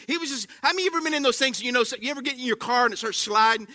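A man preaches a sermon with a high-pitched voice. He tells stories animatedly, acts out cries and exclamations, and keeps checking in with the congregation with quick questions. His voice is bright and sharp, and the sound is dry. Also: dry recording. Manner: animated storytelling with acted-out exclamations; asks the congregation frequent questions.

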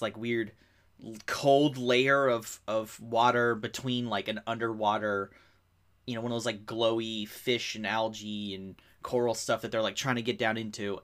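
Animated rambling man co-hosting a podcast. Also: on the low side. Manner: animated, rambling movie recap with laughs. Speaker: podcast co-host. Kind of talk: casual chat. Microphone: remote call.

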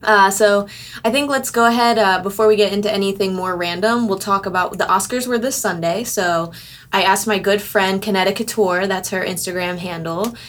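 A woman co-hosting a podcast in casual chat, playful and quick to laugh. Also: mid-range voice, fairly bright tone. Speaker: podcast co-host.

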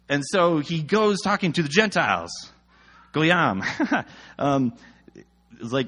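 Animated, husky-voiced man telling a Bible story. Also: medium pitch, moderate pace. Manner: animated, slangy, acts out quoted voices. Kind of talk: casual retelling of a Bible story.

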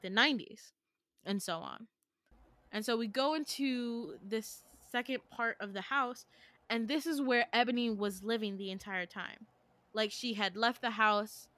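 A woman's voice: medium pitch, pushed and bright, no echo. A woman hosting a podcast, retelling a dream in a loose, rambling way, full of fillers and restarts. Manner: rambling, lots of "like" and restarts, laughs often. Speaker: podcast host recounting her dreams. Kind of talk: casual storytelling chat.

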